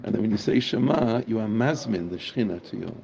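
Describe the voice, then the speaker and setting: A man's voice: lowish voice, animated, fast talker, creaky, noisy background. A man teaching a Torah class in a casual, enthusiastic way, repeating phrases for emphasis. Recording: muffled recording with a crowd audible.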